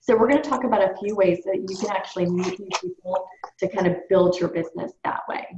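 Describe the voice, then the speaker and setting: Speaking fast in a mid-range, darkish voice, a woman coaches her sales team over a training call, upbeat and chatty as she addresses them directly. There's a little hiss or hum, and the conference-call sound is roomy and muffled.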